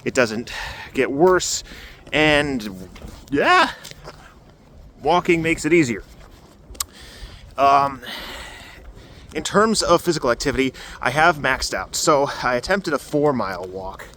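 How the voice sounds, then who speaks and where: A man's voice: medium pitch, big pitch swings, takes it slowly, pauses often, bright, forceful tone, slight background noise. A man giving a casual health update while walking outdoors on a cold day and holding the camera himself, talking in a loose, rambling way with fillers. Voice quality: muffled through a face covering at first. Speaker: vlogger giving a recovery update. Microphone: handheld camera.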